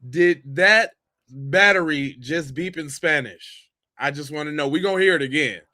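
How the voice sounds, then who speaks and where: A man's voice: a little high, moderate pace, pushed and bright, no room sound, clean studio sound. A man hosting a podcast, reacting to viewer clips with slangy, mocking banter. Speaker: podcast host.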